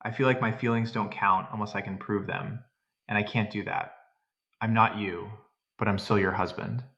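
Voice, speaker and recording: A tense, unheard husband who speaks in halting, strained phrases, as a male narrator reads his lines. The voice is low-pitched and stays close to a plain reading tone, in a storybook telling. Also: steady tone, pushed and bright, highs cut off. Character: anxious, unheard married man finding his voice.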